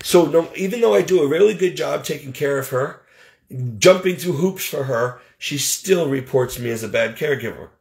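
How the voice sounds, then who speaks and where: Guy with a gravelly voice ranting about his caregiving job, fired up and preachy. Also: on the high side, expressive, moderate pace, a little mellow. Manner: heated, religious, aggrieved storytelling. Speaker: professional caregiver. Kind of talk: emotional personal vent.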